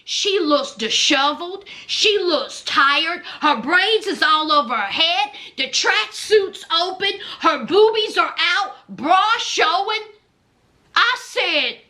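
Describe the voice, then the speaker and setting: Woman, sassy reality TV recap, high lively voice, slow drawn-out delivery. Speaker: reality TV commentator.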